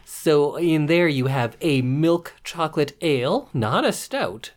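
A man co-hosting a podcast, chatting casually in a relaxed, wry and jokey way. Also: a little high, slow. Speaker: podcast co-host. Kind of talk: casual chat.

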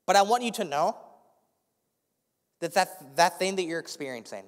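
A man preaching a sermon to a church congregation. He speaks earnestly with a slight lisp, often restarts his phrases, and softens his voice for guided reflection. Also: sits high, lively intonation, normal speed. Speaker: pastor. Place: church sanctuary with a live congregation. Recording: long reverb of a large hall.

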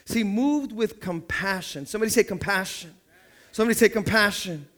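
A man's voice: high voice, normal speed, fairly bright tone. A man pastor preaching a sermon in church, calling on the congregation to answer back and acting out little scenes in other people's voices.

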